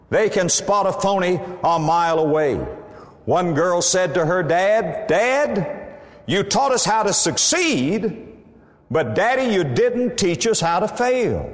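A man preaching a sermon, animated and emphatic, quoting scripture. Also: a little high, in a large hall.

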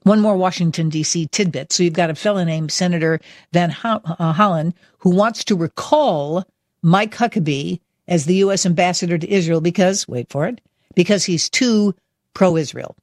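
A woman's voice: lowish voice, no room sound, studio quality. Emphatic woman talk radio host. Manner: emphatic, enthusiastic, speaks slowly for emphasis. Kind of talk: talk radio monologue and interview.

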